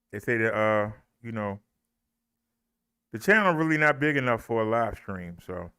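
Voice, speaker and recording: A man's voice: a little high, sharp tone, clear, resonant tone, dry recording, clean studio sound. A man, hosting a casual live stream, winded and out of breath, talking in a chatty drawl. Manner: chatty, drawls with southern US phrasing. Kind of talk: casual live stream talk, reading stats and pitching deals.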